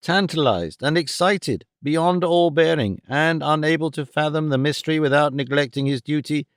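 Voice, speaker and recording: A man narrating a classic novel in a measured, expressive audiobook reading. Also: a little high, clean tone, no room sound, clean studio sound.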